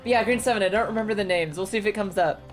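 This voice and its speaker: A woman's voice: medium pitch, rapid-fire. A woman streaming a game, chatting casually with lots of swearing, giggles and exclamations, over game music.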